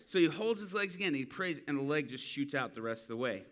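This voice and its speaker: A man preaches to a church, telling a street-ministry story and animatedly acting out the people in it. His voice is fairly high, and he speaks rapid-fire with hardly any pauses.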